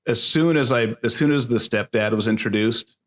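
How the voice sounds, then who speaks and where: A man's voice: mid-range voice, moderate pace, a bit bright. A man co-hosting a podcast, talking about a gory horror film with rambling, swearing enthusiasm. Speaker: podcast co-host. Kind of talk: casual film discussion.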